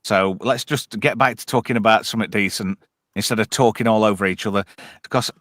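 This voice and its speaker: A man's voice: lowish voice, a little fast, a bit bright, no room sound, studio quality. A man hosting a casual podcast chat, ranting bluntly and swearing a lot. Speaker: host.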